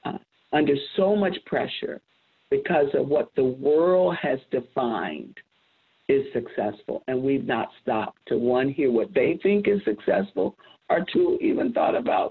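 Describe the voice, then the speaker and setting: A woman's voice: very deep voice, very animated, unhurried, gravelly, breathy edge, phone-quality sound. A middle-aged woman coach telling a personal story in an earnest, reflective way, restarting phrases as she thinks. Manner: reflective, earnest, repeats herself while thinking. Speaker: life coach guest. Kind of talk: candid personal storytelling on a panel.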